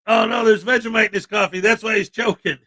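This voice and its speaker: A man hosting a casual livestream chat, joking and animated with sudden loud bursts. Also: high voice, a little fast. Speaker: livestream host.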